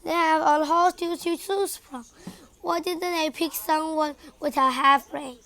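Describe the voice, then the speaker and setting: A woman's voice: sits high, fairly even intonation, unhurried, bright, forceful tone, full character voice. A woman voicing a scornful older sister in a storybook read aloud, with a Mandarin-speaking background.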